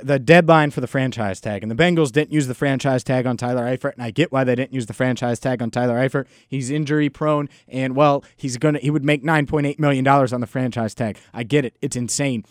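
A man's voice: medium pitch, brisk, no room sound, studio quality. A man hosting a solo sports podcast, talking in an emphatic, frustrated and sarcastic way. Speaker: podcast host.

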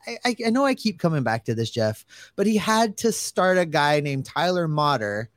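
A man co-hosts a casual sports chat, joking and exaggerating as he goes. His voice is a little high and swings widely in pitch. The sound is close and dry. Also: very animated, normal speed, no echo. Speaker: podcast co-host.

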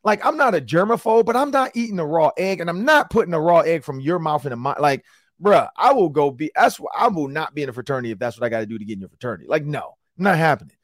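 A man hosting a sports talk show, telling a story in casual podcast style, animated and slangy. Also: a little high, fast, no echo, clean studio sound. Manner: animated, acts out quotes in slangy banter.

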